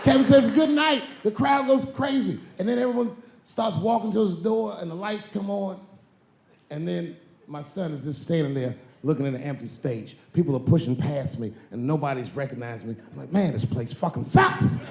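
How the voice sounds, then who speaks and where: A man's voice: a little high, brisk, gravelly, a little mellow, some chatter behind, slight background noise. A man doing stand-up comedy, telling a laid-back story and acting out the other voices in it. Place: comedy stage with live audience.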